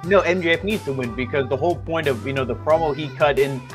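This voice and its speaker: A man's voice: a little high, fast talker, faint music behind. A man reviewing a wrestling show in casual chat, swearing freely and acting out wrestlers' lines. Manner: profane, mimics wrestlers' lines in quotes.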